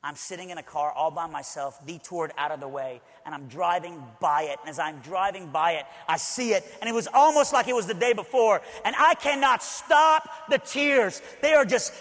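A man's voice: high-pitched, animated, moderate pace, hardly any pauses, a bit bright. A male preacher from Alabama telling a personal story in a sermon, talking conversationally with frequent asides to the audience. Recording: long hall reverb.

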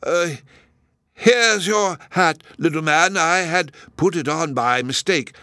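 A man voicing a kindly, excitable old male professor with a fussy, chirpy manner. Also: fairly high pitch, takes it slowly, dry recording, studio quality, voice pushed up. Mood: fussy, cheerful.

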